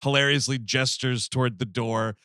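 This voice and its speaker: A man's voice: medium pitch, fairly even intonation, moderate pace, pushed and bright, clean tone, dry recording, studio quality. A man co-hosting a comedy film podcast, recapping scenes with crude, jokey storytelling. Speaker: podcast co-host.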